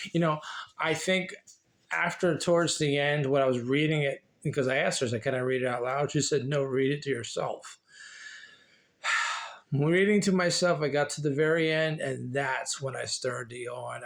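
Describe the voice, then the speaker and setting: A man vlogging casually and reading from a book, rambling and repeating words with many restarts. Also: on the high side. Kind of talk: casual chat and reading aloud.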